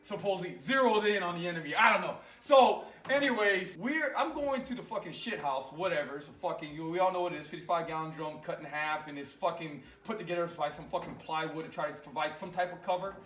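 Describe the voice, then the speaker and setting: A man, an Army veteran, telling an animated, profane war story in casual conversation in a garage. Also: a little high, fast, few pauses, echoey room, distant mic.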